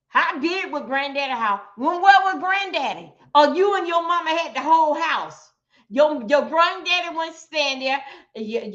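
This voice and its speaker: A woman's voice: sits high, fairly bright tone. A woman hosting a livestream, giving blunt, profane commentary straight to her viewers. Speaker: livestream host. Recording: dull lo-fi stream audio.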